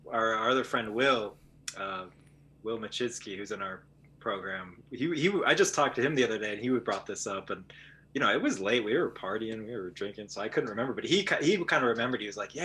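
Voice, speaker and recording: Bright-voiced young man, rambling. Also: fairly low pitch, fairly quick. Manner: relaxed, rambling recollection with fillers. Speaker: podcast guest. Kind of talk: casual conversation.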